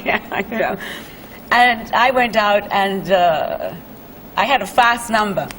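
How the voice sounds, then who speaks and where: A woman's voice: medium pitch, animated, takes it slowly, fairly bright tone, a little hiss or hum, poor audio. A Welsh woman, a singer, chatting as a guest in a television studio interview, telling stories with many fillers and laughs. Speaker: singer as talk show guest.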